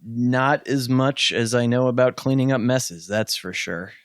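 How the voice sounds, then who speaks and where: A man's voice: mid-range voice, measured pace, dry recording, studio quality. A man playing a tabletop role-playing game, chatting casually in character in an offhand, joking way. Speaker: player.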